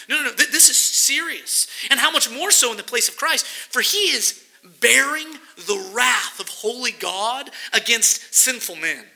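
Bright, high-voiced male preacher. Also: lively intonation, moderate pace, gravelly, low-quality recording. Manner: expository preaching, reads scripture aloud with emphasis. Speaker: pastor. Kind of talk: sermon.

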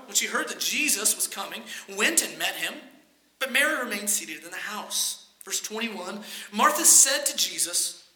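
A preacher working through a passage in a conversational, teaching style, with a bright, sharp voice. The speech echoes through a roomy space. The pitch sits in a middle range. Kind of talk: sermon.

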